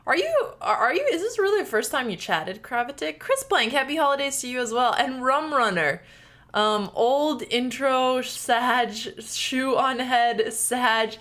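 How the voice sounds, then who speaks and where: High-voiced woman greeting stream viewers. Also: lively intonation, a little slow, fairly bright tone. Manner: chatty, reads out viewer names and thanks them. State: slight sore throat. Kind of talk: casual live-stream chat. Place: home room.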